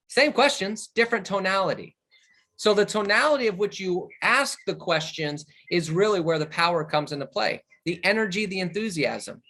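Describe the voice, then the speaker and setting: A man leading a virtual sales training over a video call, animated, shifting his tone and speed to show how questions land. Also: high voice, normal speed.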